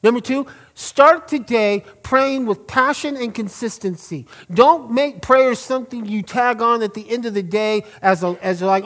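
A man's voice: extremely high pitch, moderate pace, few pauses, fairly bright tone. A middle-aged man, preaching a sermon in an earnest, emphatic way and drawing out key words. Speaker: pastor.

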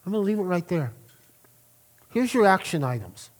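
A man's voice: high voice, sing-song, normal speed. A middle-aged man, preaching a sermon in an earnest, emphatic way and drawing out key words. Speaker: pastor.

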